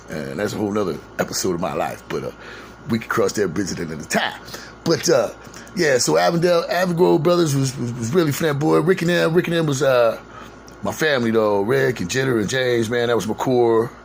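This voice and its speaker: A man's voice: fairly low pitch, creaky, slight background noise. A man casually recounting his youth in the neighborhood, slangy and profane, rambling with lots of "you know what I'm saying.". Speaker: storyteller recalling his neighborhood. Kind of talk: casual spoken memoir.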